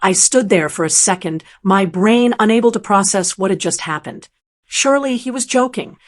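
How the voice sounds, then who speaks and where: A woman's voice: medium pitch, moderate pace. A woman narrating a dramatic personal story in an intense way.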